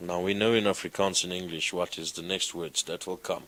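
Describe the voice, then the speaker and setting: A man's voice: sits low, fairly even intonation, a little fast, fairly bright tone, slight background noise, rough recording. A man teaching a Greek class, coaxing students with questions. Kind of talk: classroom lecture.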